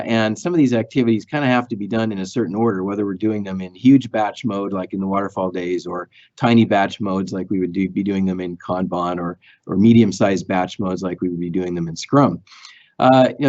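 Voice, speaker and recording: A man with a low-pitched voice gives a recorded lecture, talking through slides in a thoughtful way with many fillers and restarts. The sound is somewhat dull and lo-fi. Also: darkish tone. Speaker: software lecturer.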